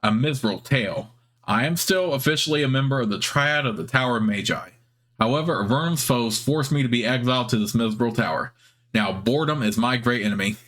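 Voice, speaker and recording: A man's voice: medium pitch, fast, fairly bright tone, natural voice. Chatty elderly wizard, eager, talkative, lonely, a man voicing him, fantasy game dialogue. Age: older.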